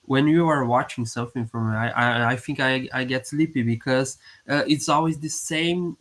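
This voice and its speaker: A man appearing as a guest programmer on a live stream, speaking haltingly and often repeating words as he starts a sentence. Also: mid-range voice, steady tone, fairly bright tone. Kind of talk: casual live-stream chat.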